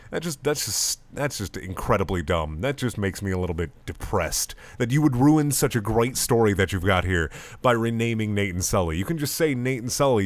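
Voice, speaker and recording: A man's voice: medium pitch, no echo. A man giving a comedic, sarcastic reading of fan fiction, swearing and laughing as he goes.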